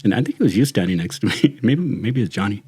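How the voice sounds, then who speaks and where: A man's voice: on the low side, expressive, fast, mellow, breathy edge. A middle-aged man, a retired deputy, telling stories in a casual chat, laughing and swearing freely. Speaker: retired sheriff's deputy, guest.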